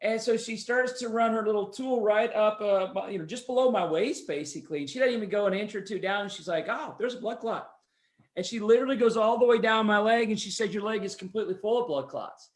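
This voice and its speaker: A man's voice: sits high, fast. A man hosting a podcast, telling a rambling personal story in a chatty, self-deprecating way. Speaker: podcast host. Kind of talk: casual anecdotal storytelling.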